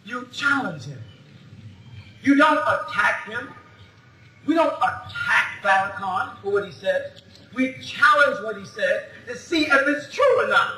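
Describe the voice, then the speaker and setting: High-voiced man lecturing in an echoey hall. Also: lively intonation, unhurried, pushed and bright, a little hiss or hum. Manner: argumentative, heavy on rhetorical questions, laughs often. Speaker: lecturer answering audience questions. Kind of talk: animated public lecture to a live audience.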